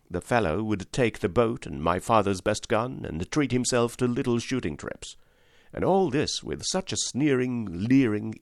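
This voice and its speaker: In a fairly low voice, a man narrates a classic tale for an audiobook at an even, measured pace, reading from a script. The audio is clean studio sound without any echo.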